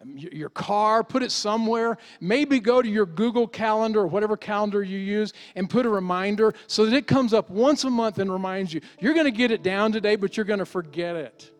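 A middle-aged man preaching as a pastor in an earnest, pleading manner, swinging from emphatic urging down to soft, quiet appeals. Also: high-pitched, a little fast, hardly any pauses. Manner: earnest, pleading, rising to emphatic exhortation then dropping soft. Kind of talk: sermon.

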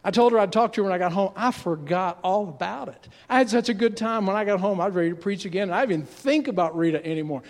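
Man, 60s, pastor, storytelling sermon, high voice, conversational, long church reverb. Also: quick pace, hardly any pauses. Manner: animated, conversational storytelling with frequent restarts. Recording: long reverb of a large hall.

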